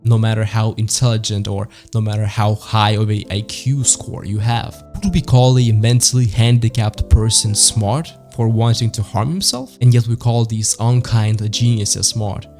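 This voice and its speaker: A man with a fairly low voice talks through a reflective video essay. He argues his point and keeps putting rhetorical questions to the listener. Faint music runs quietly under his voice. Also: steady tone, moderate pace. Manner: argumentative, asks rhetorical questions. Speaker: channel host.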